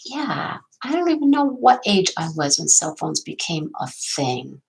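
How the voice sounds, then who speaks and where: Chatty middle-aged woman, lowish voice. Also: sing-song, a little slow, gravelly, poor audio. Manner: rambling and chatty, answering viewer comments. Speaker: livestream host. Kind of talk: casual livestream chat.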